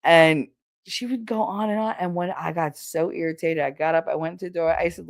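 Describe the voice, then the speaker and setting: A woman hosting a podcast, telling a story in a blunt, profane, animated way from her home office. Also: lowish voice, brisk. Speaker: podcast host. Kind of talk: casual storytelling.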